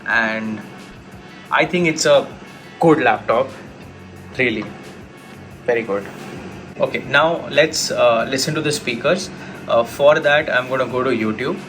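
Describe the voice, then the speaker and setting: A man's voice: medium pitch, a little slow, long pauses, over music. Chatty man reviewing a laptop. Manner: chatty, talks straight to viewers. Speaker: tech YouTuber. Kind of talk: casual product review.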